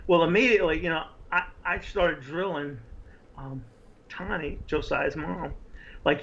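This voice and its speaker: A man, an author guest, telling his story in an earnest, animated conversational way. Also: on the high side, measured pace, long pauses, lo-fi sound.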